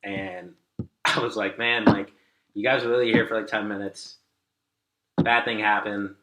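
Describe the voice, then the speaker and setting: A man's voice: on the low side, level tone, a little slow, roomy sound, heavy background noise. A man guest on a podcast, telling a story casually, rambling with lots of "like" and acting out what people said. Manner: rambling, many "like" fillers, acts out quoted dialogue.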